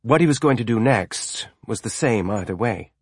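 A man reading a novel aloud as an audiobook narrator, with a measured, even storytelling delivery. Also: fairly low pitch, husky, no echo, clean studio sound. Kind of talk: scripted narration.

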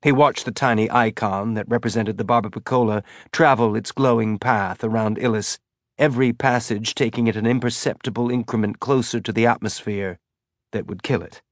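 A man reading a novel aloud in measured, tense scripted narration. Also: on the low side, no echo, studio quality. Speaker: audiobook narrator.

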